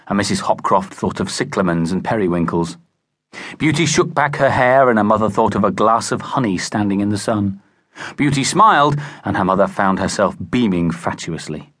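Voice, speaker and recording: A man reading a children's novel aloud as narrator, expressive and animated, recorded close in a booth. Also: lowish voice, no room sound. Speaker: audiobook narrator. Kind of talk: scripted narration. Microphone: close studio mic.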